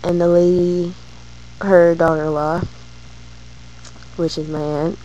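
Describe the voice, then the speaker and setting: Woman vlogger telling a personal story, hesitant and halting, lowish voice. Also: level tone, dark tone, highs cut off, a little hiss or hum. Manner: slow, hesitant, many fillers and restarts.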